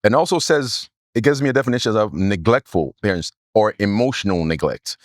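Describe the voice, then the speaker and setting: A man's voice: fairly low pitch, animated, a little fast, no room sound, studio quality. A man co-hosting a casual podcast, insistent and repetitive as he argues his point with his co-host. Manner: insistent, repeats himself, talks over his partner. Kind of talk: casual argumentative chat.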